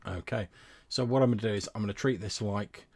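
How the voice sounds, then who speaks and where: A man's voice: fairly low pitch, fast talker, a little mellow. A man narrating a tabletop game as game master, rambling with lots of fillers and restarts.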